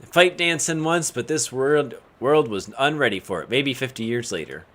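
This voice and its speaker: A man's voice: mid-range voice, animated, normal speed, a bit bright, natural voice. A man voicing a brash young woman flapper who boasts and speaks of herself in the third person. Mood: wistful.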